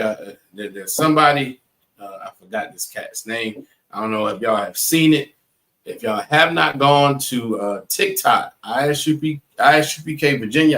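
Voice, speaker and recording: Male class instructor, mid-pitched, emphatic, repetitive, talks straight to the stream chat. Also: sharp tone. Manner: emphatic, repeats points, asks "right?" often; addresses chat viewers directly. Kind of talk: live online class lecture.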